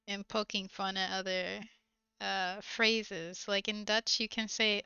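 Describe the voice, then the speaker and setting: A woman's voice: medium pitch, slow pace, sharp tone, clear, resonant tone, no echo. A woman streamer chatting casually and giggling often while she crafts on a livestream, recorded on a slightly dull desk mic.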